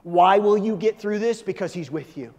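A male pastor preaching a sermon, swinging from hushed, low asides to loud, emphatic proclaiming. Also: moderate pace, big-room sound.

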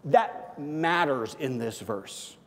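A man preaching a sermon as a pastor, conversational and animated, often checking in with "okay?". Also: mid-range voice, takes it slowly. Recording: long hall reverb.

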